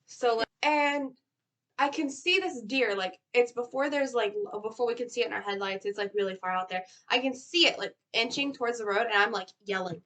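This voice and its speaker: A young woman with a Southern US accent, co-hosting a casual vlog and telling stories in an animated way, with lots of "like". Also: on the high side, fairly quick. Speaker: co-host. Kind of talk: casual chat.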